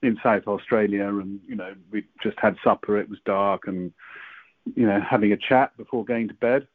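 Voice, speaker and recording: A man talking in casual chat, halting and stammering often as he recounts an experience. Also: lowish voice, fairly even intonation, no echo. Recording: dry tinny phone-like line.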